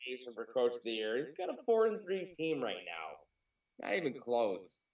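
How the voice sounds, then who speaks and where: A man's voice: mid-range voice, moderate pace, dull audio. Joking man on a distant, roomy mic. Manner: joking, relaxed, hesitant starts. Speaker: co-host. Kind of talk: casual sports talk.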